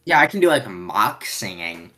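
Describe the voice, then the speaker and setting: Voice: low voice, big pitch swings, moderate pace, bright, forceful tone. A podcast co-host chatting playfully and giggling often. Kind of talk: casual chat.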